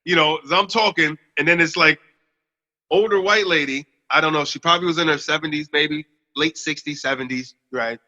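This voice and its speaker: A man's voice: brisk, sharp tone, long reverb tail, highs cut off. A young man from the US Northeast, cohosting a podcast in casual chat, telling a story with plenty of laughs and swearing. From Northeast United States. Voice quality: baritone.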